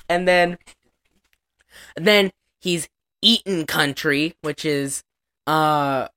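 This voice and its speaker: Chatty woman w a low voice, swears a lot, laughs while recapping a movie. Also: drawn-out words, long pauses, fairly bright tone. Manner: chatty, profane, laughs often. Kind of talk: casual chat recapping a movie.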